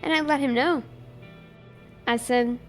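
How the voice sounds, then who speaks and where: A woman's voice: high voice, fairly even intonation, unhurried, faint music behind. A woman streamer playing a police officer in a roleplay, animatedly recounting events and acting out both sides of the dialogue. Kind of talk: in-character roleplay storytelling.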